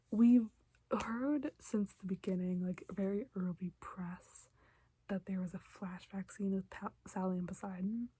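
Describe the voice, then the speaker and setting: A young woman casually recapping a show for her vlog, chatty and emotional, often dropping to a soft hush. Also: medium pitch, fairly even intonation, measured pace, breathy edge, no echo. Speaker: reaction vlogger.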